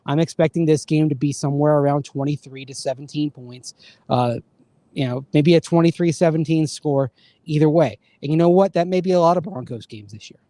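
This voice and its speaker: A man co-hosting a sports talk show, speaking a little higher than most men in a close, dry studio sound. He rambles, stammering and restarting his thoughts as he chats casually. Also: brisk, dark tone, dry recording. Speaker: sports radio co-host.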